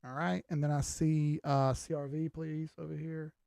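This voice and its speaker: A man's voice: fairly high pitch, little pitch movement, normal speed, gravelly, warm tone, dry recording, clean studio sound. An older man hosting a crypto livestream, talking loosely and with profanity while reading out viewer comments. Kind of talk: casual livestream chat.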